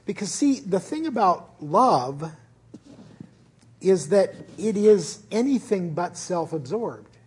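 Man preaching in church, relaxed chatty sermon, kinda husky and pitched up. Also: takes it slowly. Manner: earnest, informal, with frequent restarts. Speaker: pastor. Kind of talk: conversational sermon. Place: church service.

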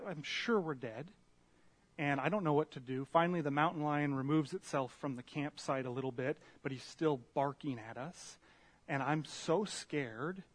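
Brief: higher-pitched male preacher, animated storyteller, pokes fun at himself. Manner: animated, self-deprecating storyteller. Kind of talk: storytelling sermon. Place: church meeting room with a slide screen.

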